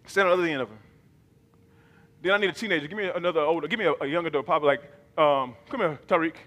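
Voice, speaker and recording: A man's voice: fairly high pitch, rapid-fire, a bit bright. A man preaching a sermon as pastor, calling on the congregation to repeat his lines back in an emphatic, rhythmic manner. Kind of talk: sermon with call and response. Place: church sanctuary. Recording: long reverb of a large hall.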